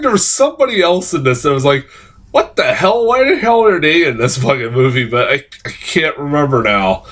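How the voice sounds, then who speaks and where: A man giving a casual, rambling film review, swearing a lot and stumbling through restarts, jumping higher whenever he quotes a line. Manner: rambling, heavy swearing, many fillers and restarts; jumps to high, excited pitch when quoting lines.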